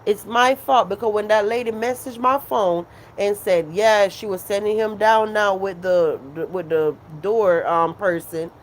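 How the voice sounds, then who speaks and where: A woman's voice: medium pitch, measured pace, hardly any pauses, a little hiss or hum. A woman hosting her own live stream, venting at her critics in a casual, profane, emphatic way and repeating her points.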